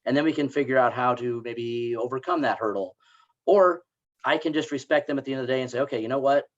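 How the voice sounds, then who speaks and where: An earnest man at a mid pitch speaks up on a college webinar, hesitating as he gathers his thoughts. His audio is a little dull and lo-fi. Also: quick pace. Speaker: college staff member. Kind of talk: casual webinar talk.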